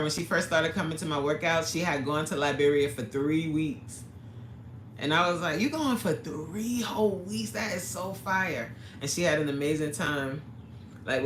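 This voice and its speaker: A woman's voice: low-pitched, echoey room, slight background noise. A woman fitness coach hosting a casual livestream, reading viewer comments aloud with playful, slangy banter and frequent laughter.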